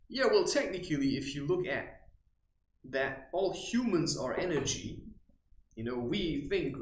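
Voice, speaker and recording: A man's voice: mid-range voice, unhurried, echoey room, rough recording. Man, spiritual vlog monologue, provocative, swooping intonation. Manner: animated, provocative, with mocking asides. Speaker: spiritual vlogger.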